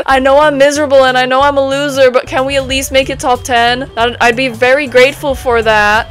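A young woman with a high, bright-pitched voice talks through an online game in a loose, chatty way. She jumps from easy chatter to panicked shrieks. Game music plays under her voice. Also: steady tone, brisk. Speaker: gaming streamer. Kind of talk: casual gameplay commentary.

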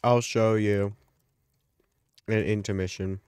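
An excitable man chats through a gameplay session, with plenty of gasps and yelps. He talks at an unhurried pace, and his voice sounds close and dry with no room echo. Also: on the low side, clean tone. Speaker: gaming YouTuber. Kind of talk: casual gameplay commentary.

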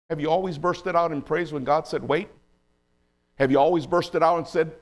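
A man preaching a sermon as pastor, moving from low, quiet asides to raised, pleading cries. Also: moderate pace.

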